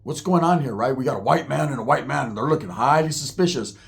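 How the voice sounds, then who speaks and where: A man's voice: mid-range voice, quick pace, vocal fry. A man telling a wild personal story in casual, profane, slang-filled talk, acting out the people he quotes.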